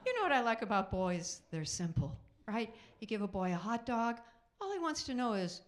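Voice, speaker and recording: A middle-aged woman doing a stand-up comedy set on a theater stage, chatty and self-mocking, with quick asides to the audience. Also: mid-range voice, very animated.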